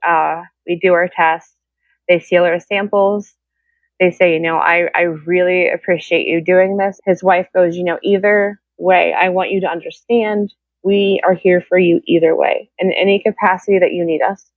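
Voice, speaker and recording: A woman's voice: lowish voice, steady tone, moderate pace, no echo. A woman telling her own story candidly and emotionally, acting out what others said. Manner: emotional, quotes people in their own voices. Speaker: guest sharing her story. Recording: tinny phone-like line, dry.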